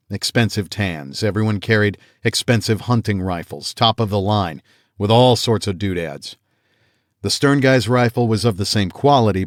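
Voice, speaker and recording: A man reading a first-person fantasy audiobook aloud in a measured storytelling manner, voicing the characters he quotes. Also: on the low side, no echo, clean studio sound. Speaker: audiobook narrator.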